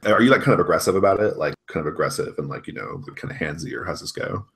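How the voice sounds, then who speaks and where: A man running a tabletop role-playing game, narrating scenes in a loose, casual way. His speech is full of "like" and "kind of". His voice sits very low. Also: big pitch swings, fast, creaky. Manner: casual, filler-heavy, laughs a lot. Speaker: game master.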